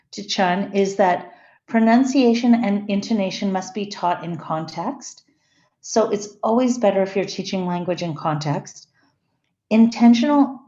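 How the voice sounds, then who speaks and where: Mellow-voiced woman lecturing a class. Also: medium pitch. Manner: explanatory, often restarts and corrects her wording. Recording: echoey room, slightly dull sound.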